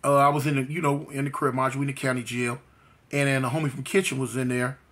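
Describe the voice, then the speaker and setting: Bright-voiced man telling street stories. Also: mid-range voice, little pitch movement, fast talker. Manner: slangy street talk with frequent fillers. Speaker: storyteller sharing his life story. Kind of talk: casual storytelling.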